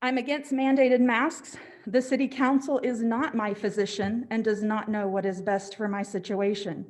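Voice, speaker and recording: A woman's voice: fairly high pitch, level tone, normal speed, darkish tone. A woman giving a prepared public comment at a city council meeting, firmly stating objections one after another, a little short of breath. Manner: firm, repeated "I am against" statements.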